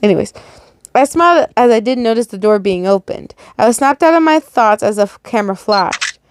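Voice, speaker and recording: Animated woman reading fan fiction aloud. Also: a little high, fairly quick, no room sound, studio quality. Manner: animated, reactive asides. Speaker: story reader.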